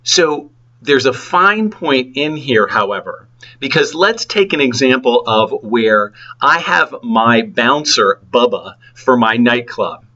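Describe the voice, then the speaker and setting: Guy teaching a law class, bright tense voice, acts out his examples, kinda dull lo-fi audio. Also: mid-range voice, slow pace. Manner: lively, acts out examples with sound effects. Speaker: law lecturer. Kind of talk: classroom lecture.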